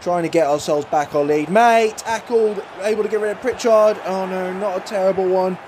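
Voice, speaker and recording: A young man commentates on his own football game in a high, bright voice, flipping between play-by-play and exasperated mild swearing. His recording carries a steady, clearly audible background noise. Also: a little fast. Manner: swings between mock commentary and frustrated outbursts, swears mildly. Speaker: gaming YouTuber. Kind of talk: excited gameplay commentary.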